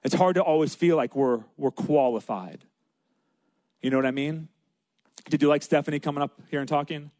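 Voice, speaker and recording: A man's voice: a little high, normal speed, long pauses, a little mellow, no echo. A man preaching a sermon in a casual, conversational way, with asides to his listeners. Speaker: pastor.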